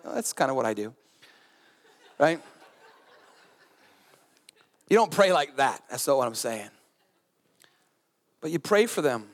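Earnest male pastor preaching in a reverberant hall. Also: on the high side. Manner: conversational, earnest, with humor and asides. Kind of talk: sermon. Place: church.

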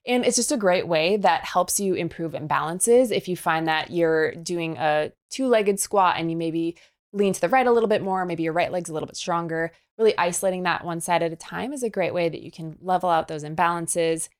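Woman, young adult, fitness trainer guest, slightly low voice, upbeat coaching manner, podcast interview. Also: fairly quick.

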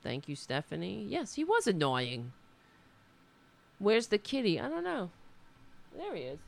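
A woman's voice: mid-range voice, huge pitch swings, measured pace, gravelly, long pauses, slight background noise. A woman hosting a casual political livestream, talking in a rambling, indignant way with frequent restarts. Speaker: livestream host.

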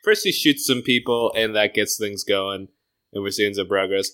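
A man riffing through a comedic improvised story in casual chat, playful and quick to laugh. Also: lowish voice, sharp tone. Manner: playful, breaks into silly voices and laughter.

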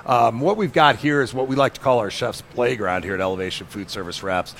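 A man's voice: medium pitch, fairly quick, a bit bright. Enthusiastic male sales rep, faint noise. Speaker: company representative. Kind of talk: promotional pitch.

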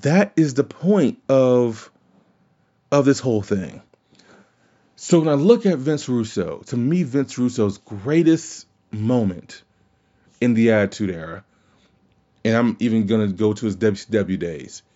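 A man's voice: lowish voice, darkish tone. Opinionated rambling podcast man, dull audio. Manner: opinionated and rambling, with frequent restarts and profanity. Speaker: wrestling podcast host. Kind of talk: casual opinion podcast talk.

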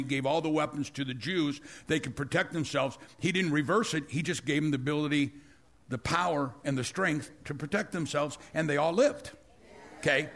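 A man preaching, telling a story with animated energy and acting out the scenes. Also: sits high. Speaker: pastor. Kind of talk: storytelling sermon.

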